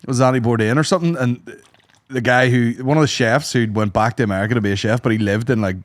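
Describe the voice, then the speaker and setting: A man's voice: medium pitch, quick pace, dry recording. A man co-hosting a podcast, telling rambling, profane stories in casual comedic chat. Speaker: podcast co-host.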